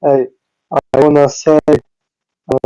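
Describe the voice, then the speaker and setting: A man's voice: fairly high pitch, flat delivery, takes it slowly, warm tone, clear, resonant tone, dry recording. A male caller greeting everyone casually over a connection that keeps breaking up. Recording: dull breaking-up call line.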